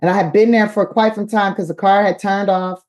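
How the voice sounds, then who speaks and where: Animated slangy woman. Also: medium pitch, brisk. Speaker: comedian guest. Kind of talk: animated storytelling.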